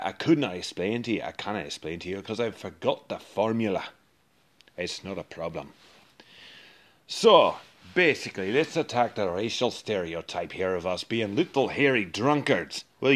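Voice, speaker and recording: A boisterous dwarf shaman who loves a drink and a brawl, as a man puts him on. He rolls out his lines in a thick put-on Scottish accent with a low, booming voice. He jokes and swaggers through his role-play monologue.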